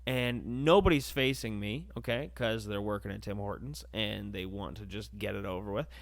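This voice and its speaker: A man's voice: fairly low pitch, moderate pace, gravelly. A young man hosting a podcast, telling a crude comedic story and acting out the voices. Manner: animated, crude, acts out voices. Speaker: podcast host.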